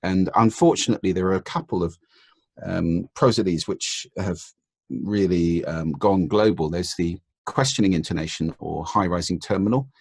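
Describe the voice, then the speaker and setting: A man speaks as an interview guest in a very low register, his voice gravelly with a husky edge. He explains in a measured, patient way and shows intonation with his own voice. The sound is dry and close. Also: a little mellow, dry recording. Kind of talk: podcast interview.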